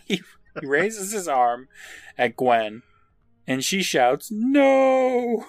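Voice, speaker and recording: A man's voice: mid-range voice, animated, very slow, no room sound, soft background music. A man co-hosting a podcast, casually recapping an episode with frequent laughs and offhand swearing. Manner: laughs while narrating, swears casually, acts out quotes. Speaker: podcast co-host.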